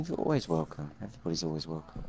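A man's voice: a bass voice, very animated, racing, creaky, background noise. A man livestreaming a video game, chatting in a friendly way with friends and viewers over a headset. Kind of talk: casual gaming chat.

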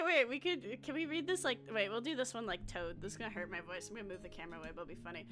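A woman's voice: mid-range voice, racing, hardly any pauses, pushed and bright, soft background music. A woman VTuber streaming a game, chatting crudely with lots of giggles and reading text aloud. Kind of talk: casual livestream chat with reading aloud.

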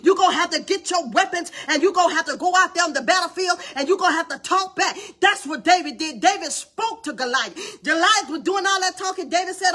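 A woman's voice: extremely high pitch, a little fast, hardly any pauses, bright, forceful tone. A woman preaching a morning devotional in a fiery, colloquial style, acting out the people in the story. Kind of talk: sermon.

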